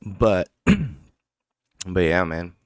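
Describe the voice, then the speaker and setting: Low smooth guy rambling on a crypto live stream, laughs a lot, cusses, dry close mic. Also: very animated, extremely slow, no room sound. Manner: rambling, laughs often, swears freely. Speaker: crypto trading livestream host. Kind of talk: casual live-stream chat.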